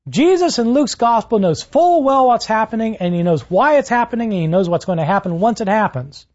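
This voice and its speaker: A man lecturing on the gospels and retelling scenes with animated delivery, lifting his voice for quotations, with frequent "uh" fillers. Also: high voice, fairly quick, lo-fi sound. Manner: animated storytelling, rises for quotes, frequent "uh" fillers. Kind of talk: university-style lecture.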